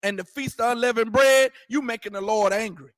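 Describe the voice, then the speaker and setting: Emphatic high-voiced male scripture teacher. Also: brisk, a bit bright, no echo, studio quality. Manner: emphatic, repetitive, prompts reader to go ahead; colloquial street talk mixed with preaching. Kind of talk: scripture lesson preaching.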